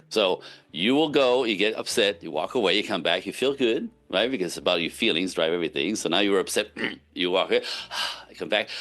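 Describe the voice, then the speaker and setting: A man, a relationship coach speaking as a podcast guest, giving casual but emphatic advice and often checking in with "right?". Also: lowish voice. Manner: emphatic, animated, frequent "right?" tags.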